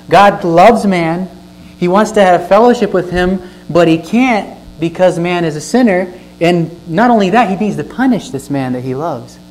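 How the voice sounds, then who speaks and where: A man's voice: sits high, a little mellow, poor audio. A man preaching a sermon, reading scripture aloud and explaining it with earnest stresses and questions to the listeners. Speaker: pastor. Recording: faint mains hum.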